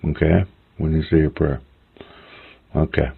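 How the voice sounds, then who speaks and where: A man leads a relaxed spoken language lesson, slowly sounding out words one syllable at a time. His voice is deep and a little husky, with casual "eh?" asides. The audio is narrow and phone-like. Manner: slow, patient, repeats words syllable by syllable; chatty asides ending in "eh?". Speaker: language teacher.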